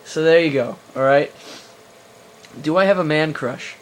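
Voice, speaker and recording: A man's voice: a little high, a little slow, a little hiss or hum. A young man answering viewer questions in a casual vlog, rambling with many fillers and restarts, joking in a crude, self-mocking way, recorded on a camera he holds himself. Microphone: handheld camera mic.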